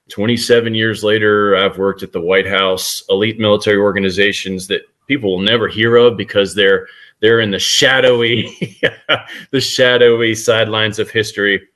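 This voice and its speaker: A man's voice: on the low side, pushed and bright. A man in his forties, a guest author, telling his life story in an upbeat, self-mocking way. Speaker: guest author, military leader. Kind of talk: interview storytelling.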